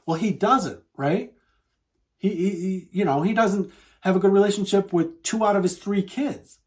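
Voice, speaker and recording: A man's voice: high voice, moderate pace, darkish tone. A man hosting a dating advice talk, speaking earnestly and emphatically straight to the listener. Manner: earnest, emphatic and repetitive, addressing the listener as "you". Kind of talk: direct-to-camera advice talk.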